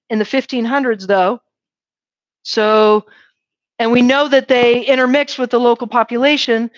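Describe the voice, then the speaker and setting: A woman with a fairly high voice gives a lively university lecture, regularly checking in with "right?" and quizzing the class. The recording is dull and dry, with no room sound.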